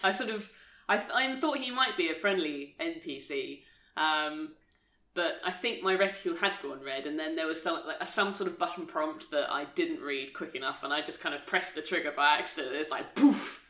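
A woman's voice: sits low, brisk, pushed and bright. A woman in casual podcast chat, chatty and hedging with fillers. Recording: roomy echo.

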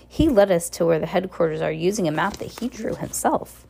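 A woman's voice: fairly low pitch, animated, a little fast, gravelly, mellow, breathy edge, full character voice. A woman doing a determined teenage girl. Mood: firm. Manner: firm, earnest. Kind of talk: audiobook reading.

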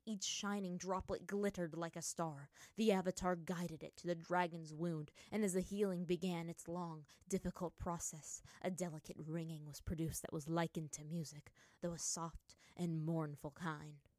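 A woman with a low voice reads a story aloud in a dramatic storytelling manner. The sound is dry and close, with no room around it. Her delivery builds in force during action passages. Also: steady tone, moderate pace, few pauses, darkish tone, dry recording. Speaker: narrator. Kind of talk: reading fan fiction aloud.

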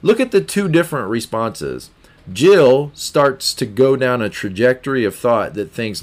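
Male podcast host, mid-pitched, repetitive emphatic self-help talker. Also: very animated, measured pace. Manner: repetitive, emphatic, acts out example scenarios. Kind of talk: motivational self-help talk.

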